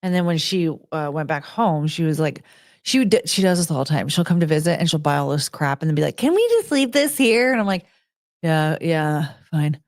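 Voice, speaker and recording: A woman's voice: sits low, fast, a little mellow, no room sound, studio quality. A woman livestreamer chatting casually in a rambling way, with lots of fillers.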